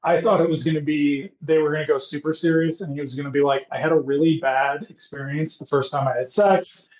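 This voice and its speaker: A man's voice: on the high side, little pitch movement, a little fast, darkish tone. A man co-hosting a podcast, recapping a show in casual comedic chat with sarcastic, profane riffing. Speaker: podcast co-host. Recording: echoey, dull lo-fi room sound.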